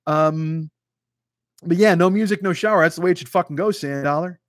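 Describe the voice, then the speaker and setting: A man in his fifties, sitting a touch higher in pitch than most men, rambles through a casual livestream chat with viewers. He swears freely and mocks himself. The sound is dry and close, with almost no room in it. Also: brisk, no echo. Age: 50s. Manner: profane, rambling, self-mocking. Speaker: host. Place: home studio with green screen.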